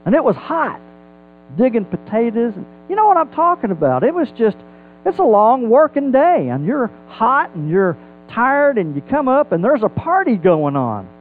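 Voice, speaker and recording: A man with a high voice delivers a Bible sermon, swinging his pitch up and down as he asks rhetorical questions. The sound is thin and phone-like, with faint music underneath. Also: very animated, normal speed. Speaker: preacher.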